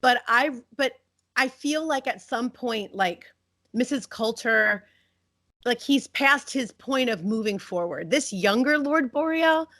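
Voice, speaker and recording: A woman's voice: a little high, expressive, slow, fairly bright tone. A woman co-hosting a fan podcast, chatting enthusiastically about a TV episode and laughing often. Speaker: podcast co-host. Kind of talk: casual fan discussion.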